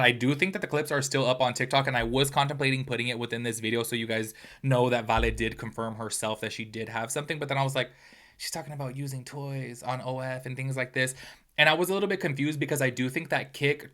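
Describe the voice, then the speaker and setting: A man's voice: mid-range voice, fast, pushed and bright. A man hosting a gossip commentary video, talking animatedly with exclamations and apologetic asides to his viewers. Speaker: commentary YouTuber host.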